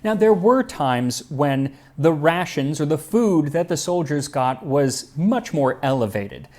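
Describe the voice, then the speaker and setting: A man's voice: a little high, expressive, unhurried, darkish tone. A man hosting a cooking history show, giving scripted narration with dry humor and tasting the food.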